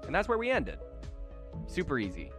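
A man's voice: on the high side, wildly swooping pitch, normal speed, fairly bright tone, faint music behind. A man narrating as game master in a casual, rambling way with lots of fillers.

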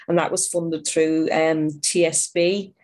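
A woman's voice: low-pitched, level tone, takes it slowly, darkish tone. A middle-aged woman from Ireland, an outreach worker answering interview questions in a rambling way with many restarts.

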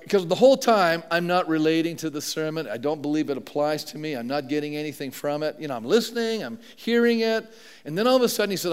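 Middle-aged pastor preaching in an echoing sanctuary. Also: male voice, a little high, smooth. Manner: conversational storytelling preaching with many asides. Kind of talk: sermon. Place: church sanctuary. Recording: long hall reverb.

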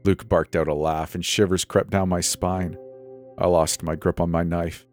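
A man narrating a horror story in a measured, dramatic scripted style. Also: sits low, flat delivery, darkish tone. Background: faint music.

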